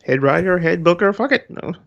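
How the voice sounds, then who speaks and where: A man's voice: high-pitched, lively intonation, fairly quick, gravelly. A man co-hosting a wrestling news podcast in casual chat, chiming in with joking, crude asides. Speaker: podcast co-host. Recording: dull lo-fi audio.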